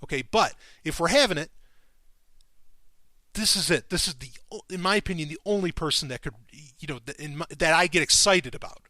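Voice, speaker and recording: A man hosting a podcast, talking in a casual monologue, excitable and profane, his voice leaping up when he gets enthused. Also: fairly high pitch, a little fast, dry recording. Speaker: podcast host.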